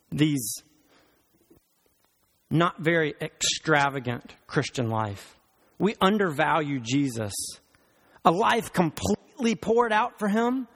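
A male pastor preaching a sermon, animated and emphatic, with rhetorical questions. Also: high-pitched.

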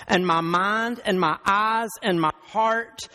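A male pastor preaching a sermon, animated and emphatic, with rhetorical questions. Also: high voice, slow pace.

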